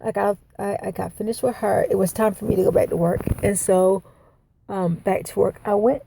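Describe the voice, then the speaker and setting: A woman's voice: mid-range voice, steady tone, normal speed, creaky, background noise. A middle-aged woman recording a personal video journal, telling her story in a rambling, emotional way. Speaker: video diarist.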